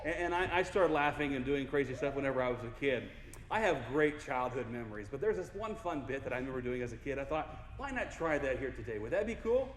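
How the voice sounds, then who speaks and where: A man's voice: medium pitch, expressive, fast, a little hiss or hum. A young man giving a playful keynote to a large audience, joking and getting the crowd to join in. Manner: goofy, playful, engages the crowd. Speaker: keynote speaker. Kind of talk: motivational keynote speech. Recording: echoey hall from far off.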